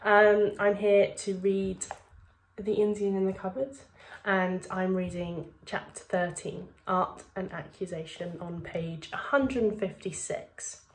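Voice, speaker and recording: A woman's voice: medium pitch, flat delivery, slow, a little hiss or hum. A woman, a primary school teacher reading a children's novel aloud to her class.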